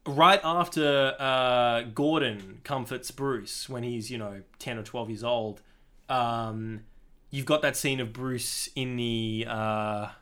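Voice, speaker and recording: A man's voice: mid-range voice, pushed and bright. A man co-hosting a film podcast, talking casually and enthusiastically, swearing often and using many fillers. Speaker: podcast co-host.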